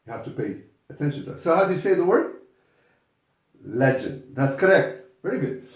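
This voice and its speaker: A man's voice: a little high, sing-song, normal speed. A man teaching English pronunciation in a classroom, patiently repeating words and calling on students. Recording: echoey classroom from far off.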